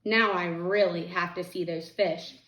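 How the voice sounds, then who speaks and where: A curious, kind-hearted young boy speaks up eagerly, as a woman reading aloud plays him. The pitch sits a little higher than a plain speaking voice. The recording carries an echo from the room. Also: fairly even intonation, measured pace, fairly bright tone. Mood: earnest. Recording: echoey room.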